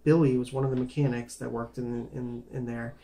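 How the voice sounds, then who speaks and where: A vlogger tells his life story to the camera in a casual, rambling way, repeating words, restarting phrases, and apologizing when he veers off track. His medium-pitched voice is mellow and flat, moving fairly quickly.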